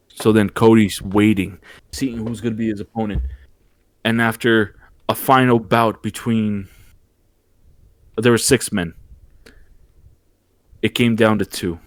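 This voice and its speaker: Animated man recapping a wrestling show. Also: fairly low pitch, a little slow, long pauses, no echo. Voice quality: animated storyteller, frequent restarts. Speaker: podcast host. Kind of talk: excited wrestling recap, casual chat.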